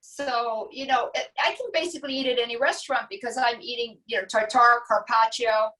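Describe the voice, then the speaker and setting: High-voiced woman showing a recipe. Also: a little fast, recorded from a distance, poor audio. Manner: relaxed, explains step by step with many asides. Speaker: guest. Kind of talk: casual cooking demo chat.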